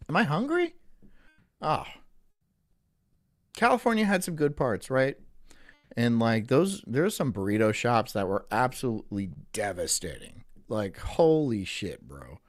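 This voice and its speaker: Animated, crude-talking male streamer. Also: fairly high pitch, no echo, studio quality. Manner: crude, rambling, laughs often. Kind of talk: casual live-stream chat.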